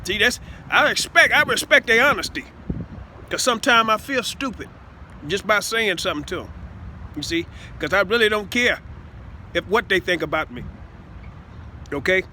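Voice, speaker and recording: Casting note: man, high and bright voice, halting off-the-cuff monologue, faint street noise behind. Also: lively intonation. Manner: halting, full of stammered repeats and "see?". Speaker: self-styled speaker addressing listeners. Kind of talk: rambling improvised monologue.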